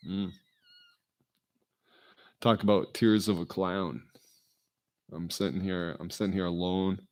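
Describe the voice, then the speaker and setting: A man's voice: deep voice, darkish tone. A middle-aged man talking alone to his vlog audience in a meandering, self-deprecating monologue full of fillers. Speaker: vlogger. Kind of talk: rambling solo monologue. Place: indoors, alone.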